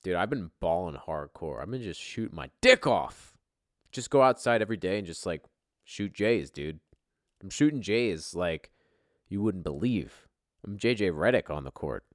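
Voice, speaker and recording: A man hosting a podcast in casual, profane banter, excitable and swearing, with sudden jumps in volume. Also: low-pitched, normal speed, no echo, studio quality. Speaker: podcast host.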